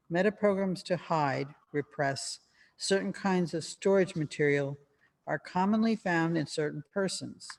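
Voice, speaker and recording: A man reading a formal text aloud to a class in a steady manner. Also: fairly high pitch.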